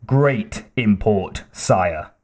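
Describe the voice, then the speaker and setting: A man voicing a sinister male cult priest who speaks softly and without expression. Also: fairly low pitch, animated, very slow, pitched below the performer's own voice, full character voice. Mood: smooth. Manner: soft, toneless, expressionless.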